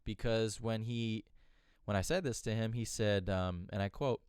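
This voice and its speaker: Smooth low-voiced man telling a story. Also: fairly even intonation, normal speed, a little mellow, no echo, clean studio sound. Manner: candid, profane, rambling with restarts. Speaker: podcast host. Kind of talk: casual podcast storytelling.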